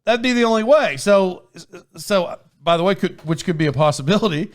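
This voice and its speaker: A man with a somewhat high voice tells a story on his podcast in loose, casual chat. He rambles, restarts his sentences and laughs as he goes, speaking into a microphone with a foam windscreen. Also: lively intonation, brisk. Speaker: podcast host.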